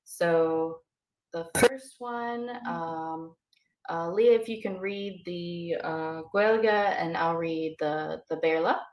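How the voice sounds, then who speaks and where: Casting: low-pitched woman teacher, relaxed and halting, explains word by word. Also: lo-fi sound. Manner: hesitant, many ums and uhs. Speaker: language teacher. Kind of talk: casual lesson explanation.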